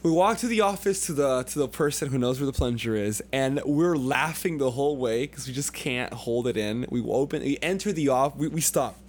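A young man casually telling a long, animated story on a podcast, swearing freely and acting out what people said. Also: medium pitch, a little fast, few pauses, slight background noise. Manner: animated, profane, acts out quotes. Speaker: podcast co-host.

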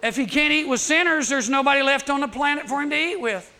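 A man preaching a humorous sermon to teenagers, with a high-pitched voice. He is animated, teases his listeners and keeps slipping into quick character voices. His delivery stays lively throughout. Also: a faint crowd. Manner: animated, acts out quick voices, teasing asides. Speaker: youth camp speaker.

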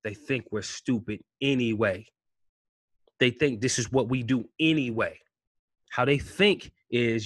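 A man giving an impassioned commentary rant, firing rhetorical questions and swinging between loud outbursts and low mutters. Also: unhurried, dry recording, clean studio sound. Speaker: vlogger.

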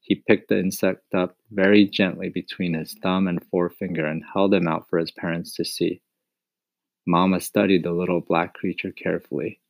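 A man reading a children's chapter book aloud in a measured way. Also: low voice, little pitch movement, vocal fry, no room sound. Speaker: narrator. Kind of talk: storybook reading.

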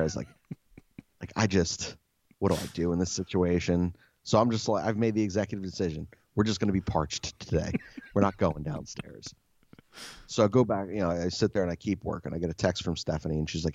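A man casually telling a story as a podcast host, animated and exasperated, swearing often. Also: low voice, brisk, slightly rough, dry recording, highs cut off.

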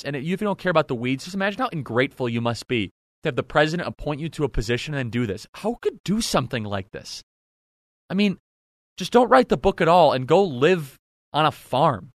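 A man's voice: on the high side, a bit bright, dry recording. Indignant male political commentator, dry sound. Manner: indignant, sarcastic, rhetorical questions. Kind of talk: opinionated commentary monologue.

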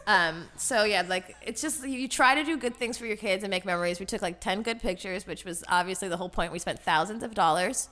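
Middle-aged woman, bright voice, profane animated storyteller, casual chat. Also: medium pitch, fairly quick, hardly any pauses.

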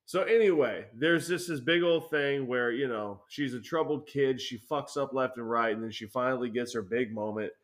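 A man's voice: medium pitch, moderate pace, hardly any pauses. A young man telling a rambling, profanity-filled story in casual chat as a podcast co-host.

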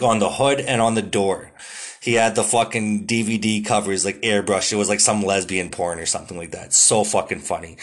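Young male podcaster, solo rant, profane, excitable, lots of fillers. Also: on the low side. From Canada. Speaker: podcast host. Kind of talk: casual solo podcast monologue.

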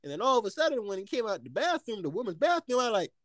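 Animated, profane young man telling stories. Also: sits high, quick pace, no room sound, clean studio sound. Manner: animated, profane, laughing storyteller. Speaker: podcast co-host. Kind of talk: casual storytelling.

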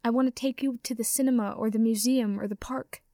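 A woman's voice: fairly high pitch, steady tone, a little fast, warm tone, no echo, studio quality, close to an everyday voice. A woman reading the lines of an earnest, affectionate young wizard man, sincere and pleading.

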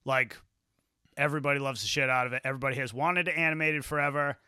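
A man hosting a podcast in casual chat, swearing freely and acting out scenes with quick quoted voices. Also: medium pitch, fairly even intonation, sharp tone, clear, resonant tone, no echo, clean studio sound. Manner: profane, rambling, acts out scenes in quotes. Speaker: podcast host.

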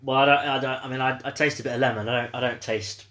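Male podcast host, casual and rambling, mid pitch. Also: fairly even intonation, quick pace, fairly bright tone. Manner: chatty, with many ums and uhs. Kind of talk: casual chat.

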